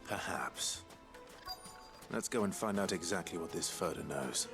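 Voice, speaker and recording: A man voicing a refined male companion in a video game, speaking in a measured way. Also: low-pitched, expressive, over music.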